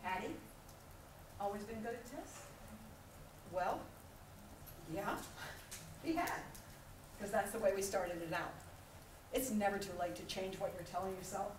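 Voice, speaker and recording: A middle-aged woman giving a motivational keynote talk, telling stories with animated voices and frequent laughter. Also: mid-range voice, unhurried, pauses often, noisy background. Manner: animated storytelling, acting out voices and laughing often. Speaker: conference speaker. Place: large conference hall. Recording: echoey hall recorded from far off.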